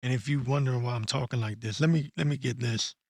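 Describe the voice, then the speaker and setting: A man ranting bluntly and profanely in an unscripted commentary, stopping to read verses slowly and correct himself. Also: medium pitch, gravelly, no room sound, studio quality. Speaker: online commentator. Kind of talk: blunt unscripted rant with scripture reading.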